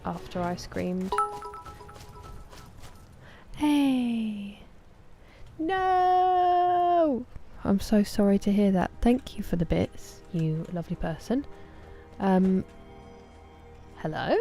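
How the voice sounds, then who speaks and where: A woman chatting casually with live viewers while gaming, greeting them by name and dropping soft asides. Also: on the low side, fairly even intonation, unhurried, gravelly, soft background music. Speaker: streamer.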